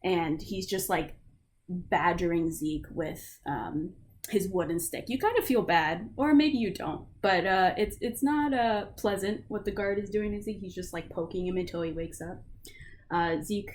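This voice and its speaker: A woman's voice: fairly low pitch, a little slow, darkish tone, a little hiss or hum. A woman narrating a tabletop game as game master in a casual, loose way, with lots of fillers.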